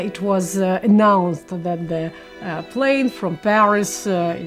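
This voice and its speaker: A woman recounting her memories in an interview, speaking haltingly with many hesitations. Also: mid-range voice. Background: music.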